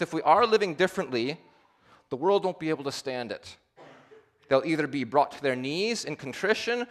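Guy preaching a sermon, mid pitched voice, gets loud then drops real quiet at the ends, slows way down to hammer stuff home. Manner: dynamic delivery, swings between loud emphatic peaks and low hushed endings; slows to a deliberate, repeated emphasis.

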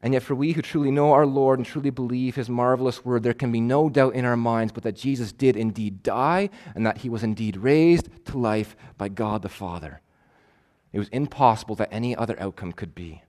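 A male preacher delivering a sermon, emphatic and measured, repeating key phrases for weight. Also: mid-range voice, darkish tone. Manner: measured, stretches words for stress.

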